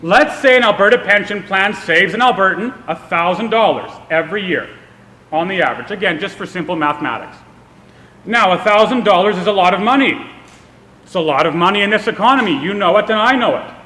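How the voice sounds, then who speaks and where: High, bright-voiced man speaking. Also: animated, a little fast. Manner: self-deprecating storytelling humor. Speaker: speaker at a political event. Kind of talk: public speech with a personal anecdote. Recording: long reverb of a hall.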